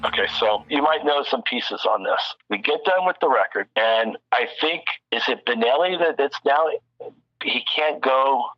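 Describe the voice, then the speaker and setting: This is a man at mid pitch, spinning a long, loose story as a guest, doubling back on himself and cursing freely as he goes. His voice comes through a dull, muffled, lo-fi connection. The sound is dry with no room around it. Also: normal speed, no room sound. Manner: rambling, animated anecdote-telling with frequent restarts and profanity. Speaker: recording engineer and producer, guest. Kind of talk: casual storytelling interview.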